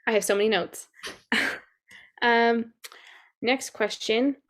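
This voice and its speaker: A woman's voice: fairly high pitch, steady tone, slow, fairly bright tone. A young woman moderating a school session, friendly and a bit giggly as she reads the questions. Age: young adult. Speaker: student moderator. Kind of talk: reading audience questions.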